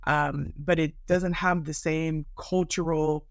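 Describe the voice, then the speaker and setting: A woman from the United States, a guest on a podcast, telling stories in a lively way and acting out the people she quotes. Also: low-pitched, slow, no room sound, studio quality. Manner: animated, acts out quoted voices. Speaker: guest, life coach. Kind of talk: conversational storytelling.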